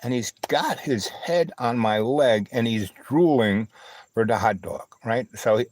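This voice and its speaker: Slight background noise and low-quality audio surround a man of medium pitch with a somewhat mellow voice. Hosting a livestream, he tells a long, rambling story about himself in a halting way, peppered with fillers, restarts and asides like "you know, right?"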